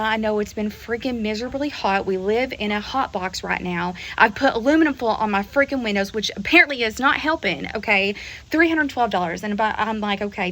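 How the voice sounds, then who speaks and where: A woman's voice: medium pitch, a bit bright, rough recording. A woman venting to camera in an exasperated way, often repeating herself and swearing mildly.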